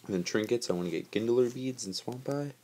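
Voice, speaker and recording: A man's voice: mid-range voice, a little fast, warm tone, a little hiss or hum. A man giving casual, chatty gameplay commentary over his footage, joking about himself and laughing often.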